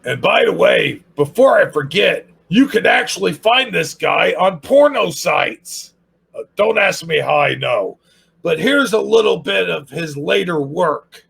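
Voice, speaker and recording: A man's voice: sits high, expressive, unhurried, vocal fry, a bit bright, breathy edge. A man hosting a casual channel review, sarcastic and rambling.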